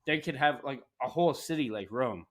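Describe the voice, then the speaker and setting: A man from Canada chatting casually as a podcast host, rambling and animated, laughing often. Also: medium pitch, brisk. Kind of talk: casual chat.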